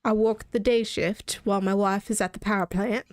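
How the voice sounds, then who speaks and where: A woman's voice: medium pitch, steady tone, normal speed, dry recording, studio quality, lightly acted. A woman voicing a hostile, distrustful middle-aged working man with a half-hearted put-on accent. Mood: grudging.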